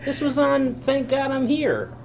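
A man's voice: very high voice, sing-song, a little slow, creaky, crowd noise, low-quality recording. A man hosting a podcast in casual chat, self-mocking and joking. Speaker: podcast host.

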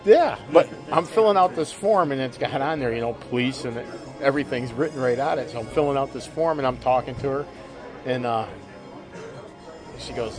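Male, average pitch, laid-back storyteller who laughs often, with music clearly heard behind him. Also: brisk. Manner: chatty, laughs through his own story. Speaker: police officer telling a story. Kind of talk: casual anecdote telling.

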